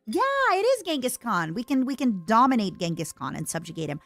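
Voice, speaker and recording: Lively young woman streaming a game. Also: on the high side, brisk, dry recording, soft background music. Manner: eats and talks with mouth full, reads game text aloud; lively, playful asides. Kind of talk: casual gameplay commentary.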